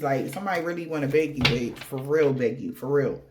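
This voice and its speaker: A woman's voice: sits low, a little fast, hardly any pauses, noisy background. A woman giving a casual tarot reading, rambling in slangy talk addressed straight to the viewer. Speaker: tarot reader.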